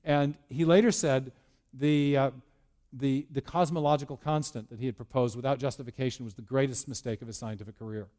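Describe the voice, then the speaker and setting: A man's voice: medium pitch, steady tone, a little fast, a little mellow. A man giving a public lecture, explaining step by step with frequent restarts and repeated words.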